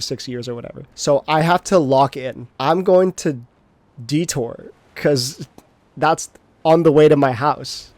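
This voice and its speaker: A man's voice: mid-range voice, a little mellow, no room sound. A young adult man streaming, telling a personal story in a rambling, self-mocking way with frequent restarts and swearing.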